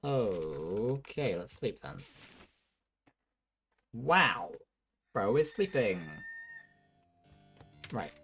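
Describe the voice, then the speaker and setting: A man's voice: medium pitch, big pitch swings, extremely slow, vocal fry, long pauses, fairly bright tone, a little hiss or hum. A man streaming a game, commenting offhand as he plays. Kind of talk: casual gameplay commentary.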